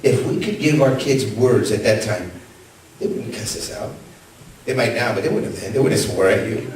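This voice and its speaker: A man's voice: lively intonation, normal speed, slight background noise. Male pastor preaching in an echoey church. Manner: swings between loud, high calls and soft, low asides; storytelling with rhetorical questions to the congregation. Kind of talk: sermon. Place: church sanctuary. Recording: echoey church from a distant mic.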